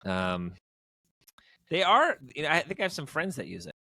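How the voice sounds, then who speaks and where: This co-host's voice is fairly high, bright, and forceful, swinging hugely in pitch at a normal speed, with no echo. He chats about movies in a casual, rambling, jokey way, full of filler words.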